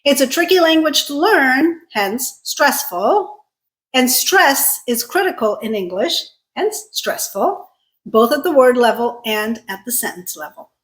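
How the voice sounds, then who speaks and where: Clear, emphatic woman teaching English. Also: fairly high pitch, poor audio. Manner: clear, emphatic, deliberate enunciation. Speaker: English teacher and channel host. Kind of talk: scripted video lesson.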